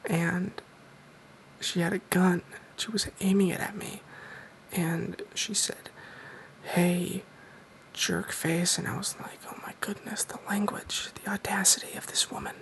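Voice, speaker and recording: Soft-spoken man with a gravelly edge. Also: high-pitched, moderate pace, whispered, rough recording. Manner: deadpan, mock-serious. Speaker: ASMR creator.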